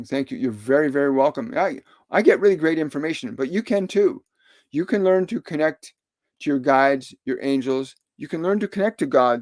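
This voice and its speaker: A middle-aged man, a spiritual medium, answers viewer questions in a live stream with calm, repetitive, soothing instructions. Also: mid-range voice, no room sound.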